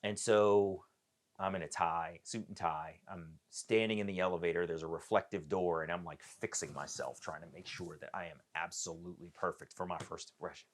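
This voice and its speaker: A middle-aged man with a fairly low voice tells a personal story as a podcast guest. He is animated and acts out each person's voice as the story unfolds. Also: moderate pace.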